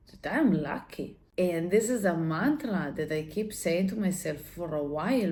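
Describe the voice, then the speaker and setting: A woman's voice: sits low, darkish tone, a little hiss or hum. A woman vlogger telling a personal story in an emotional, candid way, swearing freely and restarting her sentences. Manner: talks with many fillers and restarts.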